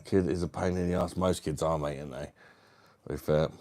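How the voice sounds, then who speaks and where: A man's voice: a bass voice, fairly even intonation, fairly quick, mellow. A man hosting a live stream, reading out viewer comments with crude, matey banter. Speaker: livestream host.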